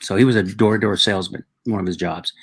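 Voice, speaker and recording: Middle-aged male guest, reflective storyteller, husky and gravelly delivery. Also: lowish voice, steady tone. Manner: reflective, halting, with frequent restarts and acted quotes.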